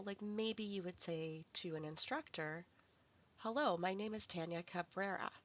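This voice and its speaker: A woman narrating a recorded language workshop, speaking clearly and carefully as she reads out example phrases. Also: medium pitch, a bit bright, dull audio. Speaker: language support instructor.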